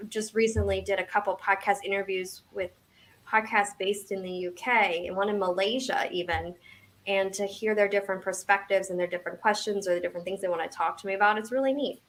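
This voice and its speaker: A woman's voice: mid-range voice, fairly bright tone. A woman around forty, guesting on an interview as a memoir author, talking casually with lots of restarts and self-deprecating asides.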